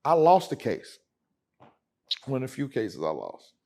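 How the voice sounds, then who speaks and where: Here the man speaks at a medium pitch that swoops wildly, a bit slow and slightly mellow, with vocal fry. As a lawyer guest in a relaxed interview, he tells his stories with emphasis and slang, addressing the host as "man" and "brother."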